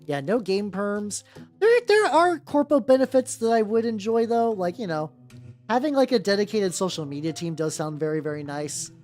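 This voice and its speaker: A man's voice: high voice, animated, normal speed, a little mellow. A man streaming casually while he paints miniatures. He rambles, swears freely and often restarts his sentences. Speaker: VTuber streamer. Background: faint background music.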